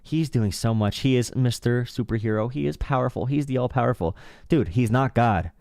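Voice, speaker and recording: A man's voice: medium pitch, brisk, gravelly, a little mellow, dry recording, studio quality. A young man hosting a casual political call-in stream, sarcastic and mocking. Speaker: livestream talk show host.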